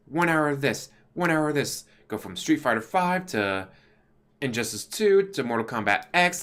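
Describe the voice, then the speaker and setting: A man giving a casual, exasperated commentary rant to camera on his channel, talking with big swings in pitch. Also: bright, forceful tone. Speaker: YouTube commentator. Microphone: desk USB microphone.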